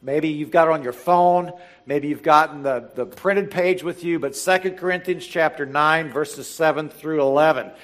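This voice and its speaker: A man preaching a sermon, reading scripture slowly and building to emphatic, animated exhortation. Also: on the high side. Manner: reads scripture slowly and deliberately. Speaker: pastor.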